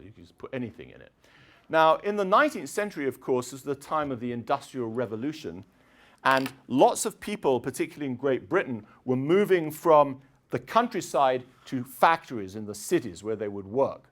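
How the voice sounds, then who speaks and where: A middle-aged man giving a chatty public lecture, often clearing his throat and filling pauses with um and uh. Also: mid-range voice. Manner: chatty, digressive, frequent throat clearing and fillers. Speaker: university lecturer. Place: lecture hall.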